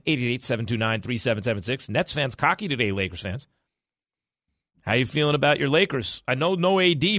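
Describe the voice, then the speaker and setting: A man hosting a sports talk radio show, arguing his opinions in a fast, animated, self-correcting way. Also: mid-range voice, no echo, clean studio sound.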